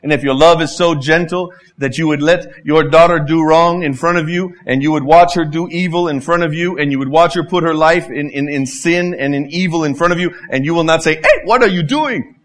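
A middle-aged man preaching a sermon as a pastor, impassioned and full of rhetorical questions and repetition, swinging between loud and hushed. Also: fairly high pitch, fairly even intonation, brisk, hardly any pauses.

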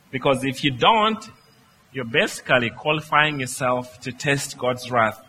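A man's voice: on the high side, bright, forceful tone, slight background noise, low-quality recording. A man preaching a sermon, reading scripture aloud and explaining it with rhetorical questions.

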